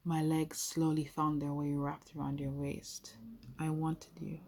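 Husky low-voiced woman narrating. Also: little pitch movement, a little slow, warm tone. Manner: intimate, playful, addresses the listener directly. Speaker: storyteller. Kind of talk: first-person audio role-play narration.

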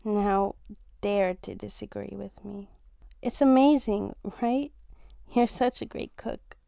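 Slow, gravelly young woman teasing. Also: mid-range voice, warm tone, dry recording. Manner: teasing, playful, laughs often, swears casually. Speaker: fiancée in a listener role-play. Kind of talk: casual romantic role-play audio.

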